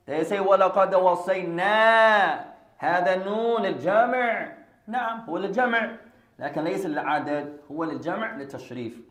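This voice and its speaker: Male teacher, fairly high voice, very animated, switches languages, jokes with the class, roomy echo. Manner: switches between English and Arabic, jokes with students. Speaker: Islamic studies teacher. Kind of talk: classroom lesson with humorous asides. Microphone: podcast recording of a class.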